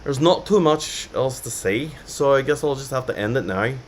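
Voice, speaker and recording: Man putting on a Northern Irish accent, playful and self-mocking, animated delivery. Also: mid-range voice, normal speed, a little hiss or hum, close to an everyday voice. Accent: Northern Irish, put on.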